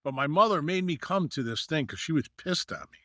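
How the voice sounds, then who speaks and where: A man's voice: a little high, lively intonation, brisk, fairly bright tone, no echo, studio quality. A middle-aged man from New York, a podcast guest telling long anecdotes with many fillers and acted-out dialogue. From New York, USA. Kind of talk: storytelling in a podcast interview.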